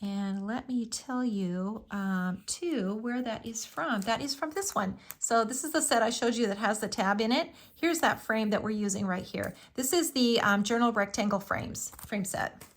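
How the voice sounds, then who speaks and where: A middle-aged woman with a fairly high voice walks viewers through a live craft project. She chats along enthusiastically, filling pauses with little ums as she works. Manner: chatty and enthusiastic, with frequent fillers. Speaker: crafting tutorial host.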